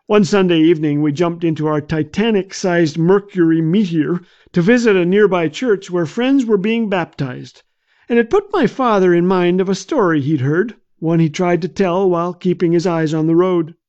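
A man on a radio devotional, telling a gently comic family anecdote in a humorous storytelling style. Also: high voice, moderate pace. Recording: dull lo-fi.

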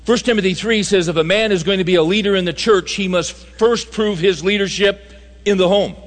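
Speaking at a men's conference, a man with a fairly quick, high-sitting voice delivers a sermon full of folksy, humorous stories, hammering his points home through repetition. The recording comes from a large conference hall and is reverberant.

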